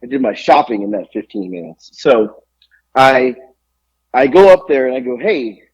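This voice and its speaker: A man's voice: mid-range voice, normal speed, breathy edge, low-quality recording. A man co-hosting a podcast, telling a long exasperated story full of swearing. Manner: animated, profane, exasperated ranting. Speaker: podcast co-host. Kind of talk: casual storytelling rant.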